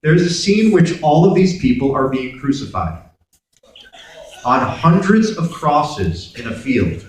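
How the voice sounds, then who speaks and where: A man from Brooklyn, speaking as a guest at a convention Q&A. He tells stories with a lively, swooping pitch and slips into voices for the people he quotes. He is picked up from far off by a camera in the audience, and the big hall rings around him. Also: measured pace. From Brooklyn, New York. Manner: animated, acts out dialogue in voices. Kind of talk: convention Q&A storytelling.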